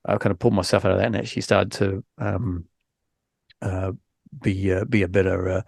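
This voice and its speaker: Guy hosting a podcast, low gravelly voice, kinda worn out, rambly. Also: level tone, fairly quick, darkish tone, no echo, clean studio sound. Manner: frank, rambling, many fillers and restarts. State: recovering from illness, low energy. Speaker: podcast host. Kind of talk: casual podcast chat.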